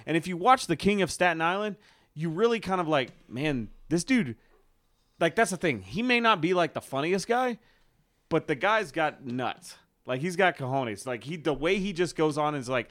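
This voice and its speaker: A man's voice: a little high, very animated, moderate pace, a bit bright, dry recording, clean studio sound. A man hosting a podcast in casual chat, rambling and swearing with frequent restarts. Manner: rambling, profane, many restarts. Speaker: podcast host.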